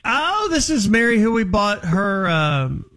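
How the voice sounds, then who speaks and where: A man hosting a radio show, telling a story to a caller in quick, chatty talk. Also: sits high, big pitch swings, bright, forceful tone. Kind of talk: casual radio chat.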